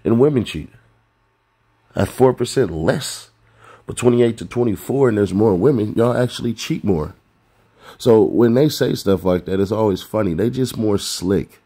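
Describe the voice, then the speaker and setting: A man's voice: on the low side, normal speed, dark tone, breathy edge. A man hosting a commentary rant, blunt and profane, lecturing viewers with rhetorical questions. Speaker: commentary host.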